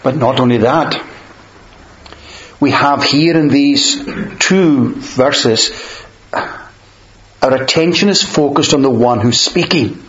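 A man preaching a sermon, measured and emphatic, slowing down on quoted verses. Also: medium pitch, fairly bright tone, a little hiss or hum. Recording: dull lo-fi sound in a roomy space.

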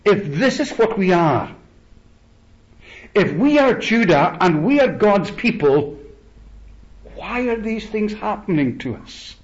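Male preacher, slightly high voice, very slow measured delivery, muffled lo-fi recording. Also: big pitch swings. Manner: slow, deliberate preaching with rising emphatic peaks and soft trailing endings. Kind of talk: sermon.

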